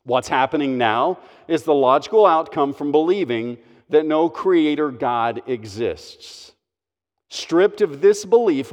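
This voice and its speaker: A man's voice: fairly high pitch, long reverb tail. A man preaching a sermon as a pastor, earnest and emphatic, stressing his phrases.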